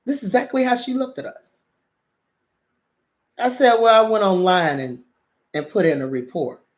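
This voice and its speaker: Vlogger, middle-aged woman, casual profane storytelling, animated. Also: medium pitch, moderate pace. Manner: animated, profane, acts out quotes. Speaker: drama vlogger.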